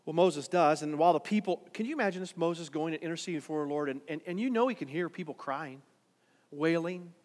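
A man preaching a sermon in a dramatic way, swinging between quiet, drawn-out lines and loud, urgent ones. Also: fairly high pitch, in a large hall. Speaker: pastor.

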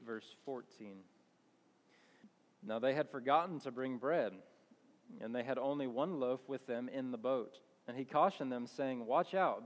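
Man teaching scripture in a reverberant hall. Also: mid-range voice. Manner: conversational, restarts and self-corrections. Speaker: Bible teacher. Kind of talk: sermon with scripture reading.

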